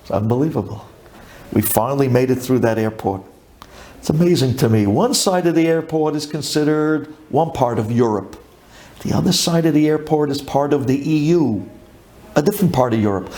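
A man telling a religious travel story with great drama, dropping low and then climbing to near shouts. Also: animated, moderate pace.

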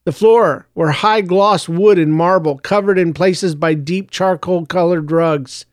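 A man narrating a story in a steady, even reading. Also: sits high, measured pace, no echo, clean studio sound. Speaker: audiobook narrator.

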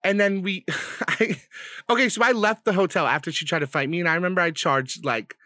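Bright-voiced young man telling stories. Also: high-pitched, fairly quick, no echo. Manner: profane, animated storytelling. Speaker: podcast co-host. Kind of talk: casual storytelling chat.

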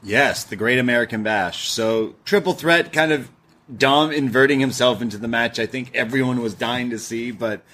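A man co-hosting a casual wrestling podcast, giving relaxed opinions and agreeing with his co-host. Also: medium pitch, normal speed. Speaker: wrestling show reviewer.

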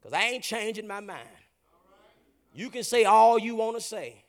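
A preacher playing a blunt, commanding God. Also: male voice, sits high, moderate pace. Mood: stern. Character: God, stern and firm, refusing excuses.

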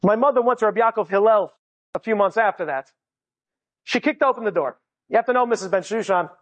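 Animated, joking man telling a story. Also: high-pitched, fast talker. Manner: animated, humorous, often laughing, voices the people in the story. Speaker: inspirational speaker. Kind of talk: live personal storytelling.

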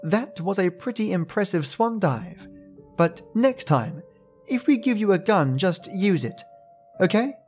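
Storybook figure: man doing a cheery, sing-song caretaker woman, patronizing and sweet, lifted high. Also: lively intonation, a little slow, faint music behind. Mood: sly. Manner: bright, sing-song and condescending. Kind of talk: storytelling reading.

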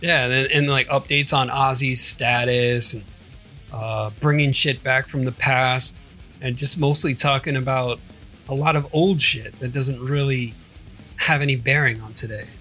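Bright-voiced middle-aged man, laid-back and dismissive. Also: medium pitch, fairly even intonation, measured pace, soft background music. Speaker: podcast co-host. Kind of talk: casual profane chat.

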